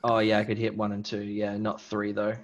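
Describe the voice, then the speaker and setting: A man's voice: on the low side, monotone, a little fast, highs cut off. A man playing in a tabletop game, rambling through his turn and laughing between lines. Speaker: player. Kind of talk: casual tabletop game play.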